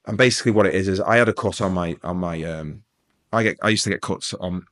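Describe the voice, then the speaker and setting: A middle-aged man from England with a deep, low voice tells his story at a rapid clip. He rambles, restarts his sentences, and drops jokes into serious moments. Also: a bit bright. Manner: rambling, self-interrupting, joking. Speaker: guest. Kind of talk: storytelling interview.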